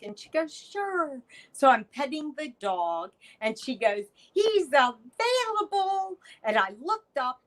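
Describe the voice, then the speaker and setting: A middle-aged woman, a podcast guest, telling a personal story in an animated way and acting out the voices of the people in it. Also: mid-range voice, rough recording. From United States. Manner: animated storyteller, acts out quoted lines. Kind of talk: storytelling interview chat.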